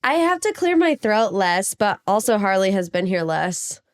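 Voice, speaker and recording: A woman's voice: medium pitch, sing-song, normal speed. A woman co-hosting a podcast in casual, joking chat. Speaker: podcast co-host.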